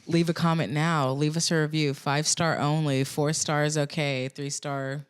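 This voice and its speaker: A young woman co-hosting a casual podcast, playful and quick to laugh. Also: deep voice, smooth. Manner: playful, giggly, animated. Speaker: podcast co-host.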